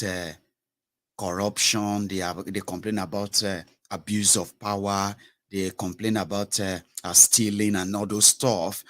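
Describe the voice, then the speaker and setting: A man's voice: low voice, a bit bright. A man delivering a blunt political commentary monologue with many hesitations.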